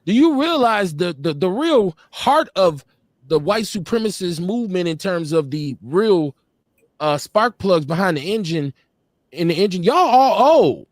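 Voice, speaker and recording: A man's voice: sits high, lively intonation, unhurried, no room sound, studio quality. A man co-hosting a live-stream talk show, talking casually with a blunt, profane, laughing manner. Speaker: podcast co-host. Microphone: streaming call.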